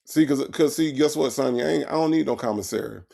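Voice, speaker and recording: A man riffs sarcastically on a true-crime story. His voice is gravelly, with a mid-range pitch. He curses freely and hammers the same line over and over. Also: fast talker, warm tone. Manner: sarcastic, profane, repeats his points. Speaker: podcast host. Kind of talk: true-crime comedy commentary.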